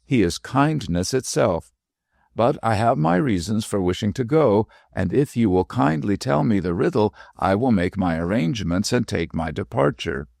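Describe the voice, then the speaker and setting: A man's voice: lowish voice, expressive, moderate pace, gravelly, darkish tone, no echo, clean studio sound, pitched above the performer's own voice. A man voicing a young male fiddler in love, earnest and easily flustered, in a storybook reading. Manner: hesitant, defiant, pleading.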